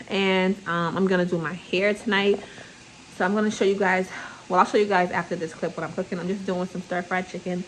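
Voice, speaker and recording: A woman's voice: on the low side, a little hiss or hum, poor audio. A mother vlogging in a casual, rambling way from her home kitchen while cooking, chatting to viewers as y'all. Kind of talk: casual vlog chat.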